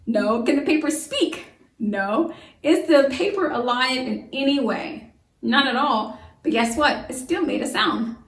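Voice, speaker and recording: A lively woman teacher leads a young class, firing off questions and answering them herself. Her voice sits a little high. She sounds a few steps back from the mic in an echoey room. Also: far from the mic. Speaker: homeschool teacher. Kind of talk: children's science lesson to camera.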